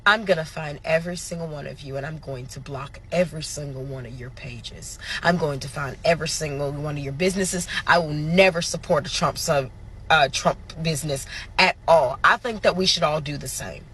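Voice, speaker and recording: A woman's voice: low-pitched, a little fast, fairly bright tone, slight background noise. A woman delivering an angry, profane social media rant straight to her followers. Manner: furious, profane, emphatic.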